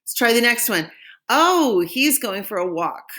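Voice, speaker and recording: A woman leads a recorded French lesson. She says each phrase slowly and clearly so that students can repeat after her, then moves on in an encouraging teacher's voice. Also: on the high side, big pitch swings, a bit bright. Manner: slow modeling of phrases for repetition.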